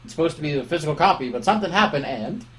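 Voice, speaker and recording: Man co-host, a bit high-pitched, jokey and crude. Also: expressive, very fast, fairly bright tone, slight background noise, rough recording. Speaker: podcast co-host. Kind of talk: casual chat.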